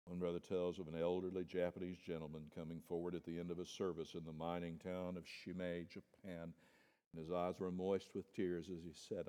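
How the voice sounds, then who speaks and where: A male pastor preaching a sermon, swinging from soft, low passages to loud, high-pitched emphasis and calling listeners "my friend.". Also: flat delivery, brisk, clear, resonant tone. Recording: long hall reverb.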